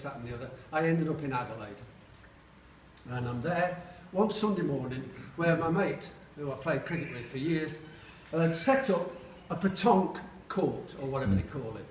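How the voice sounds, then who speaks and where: This man, in his seventies and from Sheffield, England, entertains a reunion lunch with humorous anecdotes, impersonating the people in them. His fairly high voice is expressive and moderately paced, recorded from a distance in an echoey dining hall with a faint background hum.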